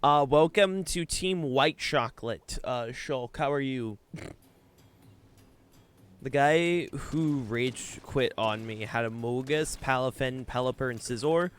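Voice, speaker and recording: A man's voice: mid-range voice, slow, clear, resonant tone. A young man streaming a game live, chatting casually with viewers in a brash, joking way and swearing a lot.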